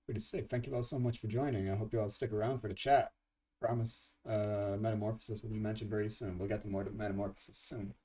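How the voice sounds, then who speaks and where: A young man hosting a casual livestream as a game composer, rambling and excitable, swearing often and restarting his sentences. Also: on the low side, fast talker, distant mic.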